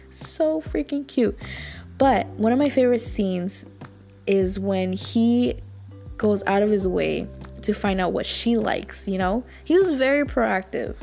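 Young woman, podcast host, gushing and rambling, gravelly fry, faint music underneath. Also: medium pitch, darkish tone. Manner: gushing, rambling, lots of fillers and repeats. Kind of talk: casual chat reviewing dramas.

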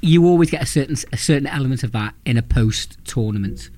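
A man's voice: mid-range voice, expressive, quick pace, dark tone, slight background noise. A man co-hosting a casual football chat, giving thoughtful opinions with frequent hesitations and restarts. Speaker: podcast co-host.

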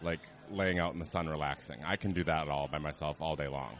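A man's voice: very deep voice, steady tone, fairly quick, a bit bright. A man co-hosting a podcast in casual chat, playful and self-mocking, recorded in a restaurant. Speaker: podcast co-host. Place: themed restaurant.

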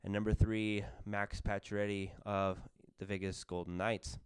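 Podcast host guy, low smooth voice, lots of uhs and restarts, dry close sound. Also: little pitch movement, normal speed, no room sound. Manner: rambling, lots of fillers and self-corrections. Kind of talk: casual sports podcast chat.

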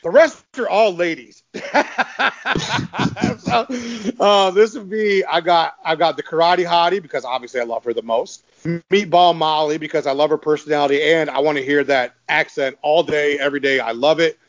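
A man's voice: on the high side, normal speed, dull audio. A man hosting a podcast in casual chat, talking with enthusiasm, laughing often and repeating words as he goes. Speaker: podcast host.

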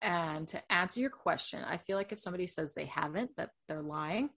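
A woman guesting on a podcast who runs a true crime show, talking frankly and deadpan with casual swearing. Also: lowish voice, brisk, gravelly.

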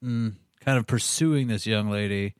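A man's voice: on the low side, normal speed, clean tone, dry recording, clean studio sound, natural voice. A man improvising as a vain, defensive famous architect, talking casually like a regular guy in a comedy interview. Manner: casual, defensive, bro-ish. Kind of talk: improv comedy role-play.

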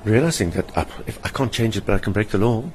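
This older man's voice sits on the low side and moves at a quick pace, with slight background noise. A South African stage performer, he is an interview guest in a hotel lounge, vividly relating personal stories and impersonating those he quotes.

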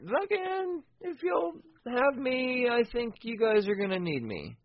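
A man's voice: very high voice, very animated, measured pace, lo-fi sound, voice pushed up, exaggerated voice. A man voicing a blunt, swearing male vampire hunter in a comic recap. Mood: defiant.

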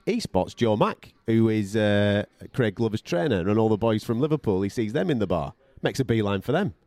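A man's voice: lowish voice, animated, fairly quick, darkish tone, no echo. A male podcast co-host and radio boxing commentator telling a story in casual chat, blunt and profane, acting out other people's voices as he goes.

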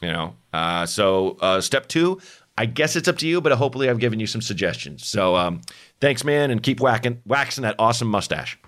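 A man's voice: on the low side, sing-song, a little fast, fairly bright tone. A man in his thirties hosting a comedic advice call-in podcast, rambling and self-deprecating, with many fillers and restarts. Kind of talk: casual comedic podcast chat.

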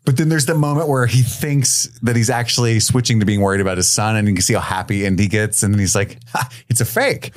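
A man's voice: on the low side, steady tone, dry recording. A man co-hosting a film-review podcast, chatting casually, joking and swearing freely. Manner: joking, profane, doing quick silly voices. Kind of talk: casual chat.

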